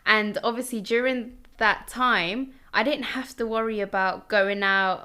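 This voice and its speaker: Woman host, sharp bright voice, easy interviewer. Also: mid-range voice, fairly even intonation, a little slow, clear, resonant tone. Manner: asking questions conversationally. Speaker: podcast host. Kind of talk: casual interview.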